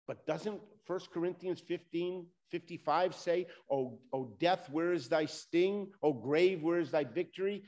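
A man's voice: a little high, measured pace, few pauses, darkish tone. A man preaching a sermon, talking straight to his congregation with rising and falling emphasis. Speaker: pastor.

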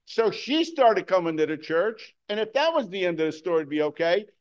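A fervent male pastor delivering a sermon with a fairly high voice. He surges into excited peaks, then drops to a near hush to drive a point home. The recording sounds dull and lo-fi. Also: a little fast. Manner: impassioned, swings between loud bursts and hushed emphasis.

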